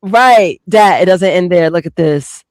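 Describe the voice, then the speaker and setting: A man's voice: high voice, unhurried, no echo. A young man on a live panel show, teasing and laughing in casual chat.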